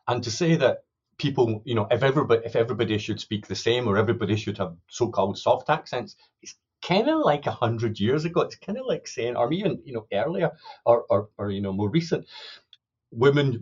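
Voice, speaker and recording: A man's voice: lowish voice, husky. A middle-aged male academic explaining his research in a podcast interview, thoughtful and full of restarts. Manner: thoughtful, many restarts and "you know". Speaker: sociolinguistics academic guest. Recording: dull lo-fi sound.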